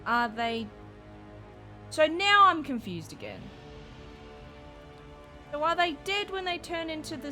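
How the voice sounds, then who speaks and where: A young woman streaming a game and reacting out loud, jumpy and profane, shrieking and laughing at scares. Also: sits high. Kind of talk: live let's-play commentary.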